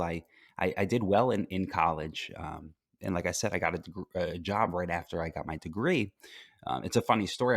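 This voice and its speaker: A man working as a life coach, speaking calmly and reflectively as a guest in a podcast interview, with frequent fillers and restarts. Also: deep voice, no echo, studio quality. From United States.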